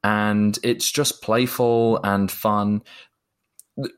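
A man's voice: lowish voice, steady tone, extremely slow, smooth. A man discussing a film in a thoughtful, hesitant way, often repeating words as he talks.

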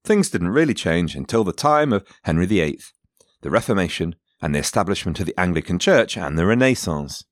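A man's voice: sits low, big pitch swings, brisk, no room sound, clean studio sound. A man narrating history as a podcast host, with wry asides and digressions spoken directly to his listeners.

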